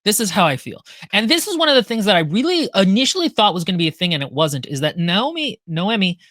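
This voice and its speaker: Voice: medium pitch, quick pace, no echo, studio quality. A podcast co-host discussing a novel in a casual, analytical way. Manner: analytical, expressive, wide-ranging intonation.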